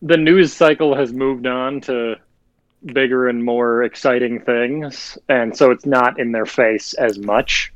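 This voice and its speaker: A man's voice: medium pitch, steady tone, takes it slowly, no echo, lo-fi sound. A man co-hosting a podcast, chiming in with joking, brief remarks in casual chat. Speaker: podcast co-host.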